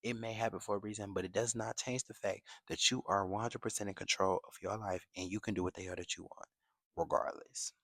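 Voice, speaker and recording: A man's voice: on the low side, fairly even intonation, brisk, vocal fry, a bit bright, no echo. A young man in a casual vlog monologue, giving emphatic, slang-filled life advice straight to the camera. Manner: emphatic, streetwise slang, rhetorical "you get what I'm saying". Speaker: vlogger.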